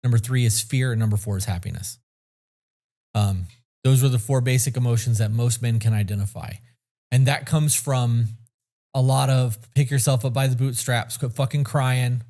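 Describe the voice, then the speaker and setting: A man's voice: mid-range voice, fairly even intonation, normal speed, mellow. A man co-hosting a podcast in casual chat, blunt and rambling, swearing freely. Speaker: podcast co-host.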